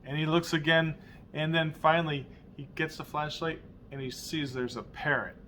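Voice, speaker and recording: A middle-aged man hosting a church video message, telling stories in an unhurried conversational way. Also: a little high, steady tone, bright, forceful tone, slight background noise. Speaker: pastor and show host.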